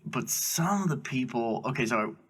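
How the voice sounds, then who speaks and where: A man's voice: mid-range voice, animated, moderate pace, a bit bright, husky. A young man, telling jokey work stories on a comedy podcast and mimicking coworkers. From Augusta, Georgia, US. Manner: laid-back, jokey, swears, mimics coworkers. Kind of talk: casual storytelling chat.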